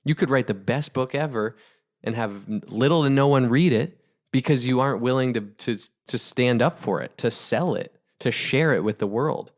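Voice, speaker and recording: A man's voice: medium pitch, normal speed. A man co-hosting a podcast, giving an emphatic, fervent motivational talk and repeating phrases for punch. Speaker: podcast co-host.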